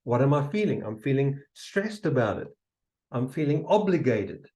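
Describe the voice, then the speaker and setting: A man giving a motivational seminar talk, emphatic and repetitive, sometimes dropping to a soft near-whisper to demonstrate. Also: mid-range voice, big pitch swings, moderate pace, low-quality recording. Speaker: seminar speaker.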